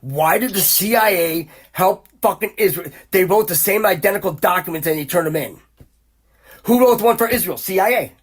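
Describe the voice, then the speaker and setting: A podcast host with a high voice talks at normal speed in a heated, profane, rambling rant. He keeps restarting and repeats his exclamations in rising bursts.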